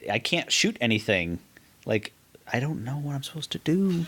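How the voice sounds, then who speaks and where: A man co-hosting a podcast, chatting casually while playing a game, animated and quick to laugh. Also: medium pitch. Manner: animated, laughs often, thinks aloud. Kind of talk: casual gameplay chat.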